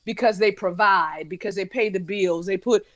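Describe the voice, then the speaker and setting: A woman's voice: medium pitch, normal speed. A woman moderating a podcast panel discussion, earnestly putting long questions to the others.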